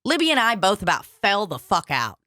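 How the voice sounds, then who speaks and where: A woman co-hosting a comedy podcast tells stories in casual chat, swearing freely and acting out what people said. Her medium-pitched voice swoops wildly, runs a little fast, and sounds pushed and bright, recorded in studio quality with no room sound.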